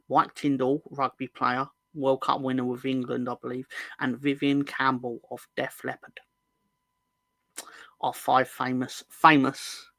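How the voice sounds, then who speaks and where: A man's voice: medium pitch, gravelly, a bit bright, no room sound. A man hosting a football fan livestream in casual chat, rambling and joking, often correcting himself mid-sentence. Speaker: host of a football fan show.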